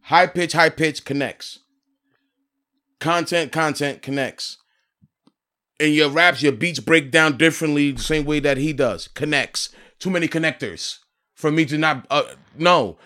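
A man's voice: fairly high pitch, measured pace, sharp tone. A man co-hosting a podcast in casual chat, blunt and emphatic, hammering his points by repeating them. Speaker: podcast co-host.

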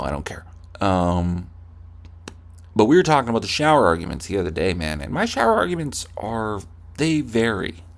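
Young guy doing a sweary comedy rant, low voice that swings all over. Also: gravelly. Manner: profane, acts out heated arguments with himself. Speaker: podcast host.

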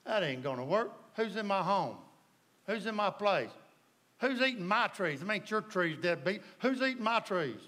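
A man's voice: high-pitched, big pitch swings, moderate pace, a bit bright. A man with a Southern US accent voicing a grumpy, territorial male beaver in a folksy drawl during a sermon story. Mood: indignant.

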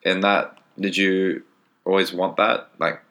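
A man's voice: deep voice, little pitch movement, slow, fairly bright tone. A man hosting a casual interview, asking questions in an easygoing, encouraging way. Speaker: podcast host.

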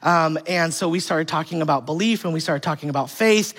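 A pastor preaches in a relaxed, conversational way, slipping into funny stories about home life and acting out bits of family dialogue. The sermon keeps turning to the congregation with rhetorical questions. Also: medium pitch, fairly quick.

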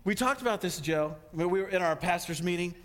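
A man preaching a sermon as a pastor, fast and excitable, slipping into playful acted-out asides. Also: high voice. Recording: long hall reverb.

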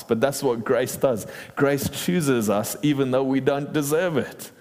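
Male preacher, sermon, animated and playful, long echo of a big hall. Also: medium pitch, a little slow, hardly any pauses. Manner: lively and animated, acting out quoted lines in playful voices. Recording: long reverb in a large hall.

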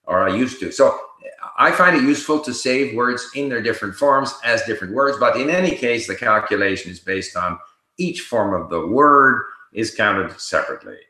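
A man hosting a casual live Q&A, reading viewer questions aloud and answering them in a relaxed, explanatory way while he thinks aloud. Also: mid-range voice, normal speed, roomy sound, rough recording.

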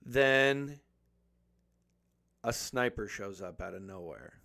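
A man's voice: fairly low pitch, takes it slowly, creaky, dry recording, studio quality. Man recapping a movie, casual and profane. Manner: profane, animated storytelling with acted-out quotes.

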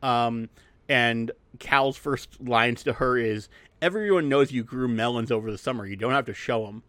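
A man in casual chat, walking through a film's plot with loose, jokey asides and mid-sentence restarts. His voice sits at an ordinary middle pitch. The recording is close and dry, with no room sound. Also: a bit bright, no echo. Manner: rambling, jokey, quotes scenes in quick asides. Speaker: podcast co-host. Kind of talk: casual movie recap chat.

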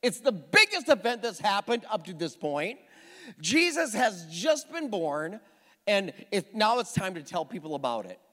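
A man's voice: high-pitched, sing-song, unhurried, fairly bright tone, big-room sound. A middle-aged male pastor preaching a sermon to his congregation, telling stories with self-deprecating humor. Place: church sanctuary with a congregation.

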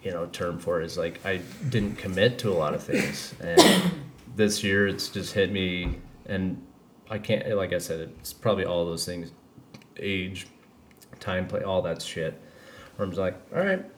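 Low-voiced man talking candidly. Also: measured pace, slight background noise. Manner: rambling and candid, swears freely. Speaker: podcast host. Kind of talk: casual chat.

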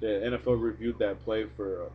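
A man's voice: on the low side, fairly even intonation, brisk. A man co-hosting a casual sports podcast, talking in a laid-back, somewhat hesitant way. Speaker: podcast co-host. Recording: dull lo-fi recording with faint noise.

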